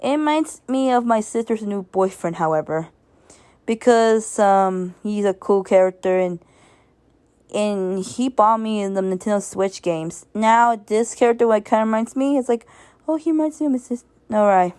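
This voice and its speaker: A woman's voice: mid-range voice, normal speed, darkish tone, clean tone, no echo. A woman giving a casual, rambling spoken review, stumbling and restarting often and laughing as she goes. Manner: sentimental, laughs while talking. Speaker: video reviewer.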